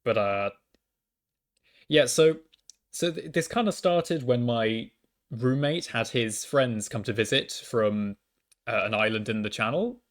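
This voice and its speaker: A man's voice: mid-range voice, lively intonation, a little slow, pauses often. A young man, a university student, telling a casual storytime monologue into a microphone at home, often stammering and restarting with self-deprecating asides. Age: young adult.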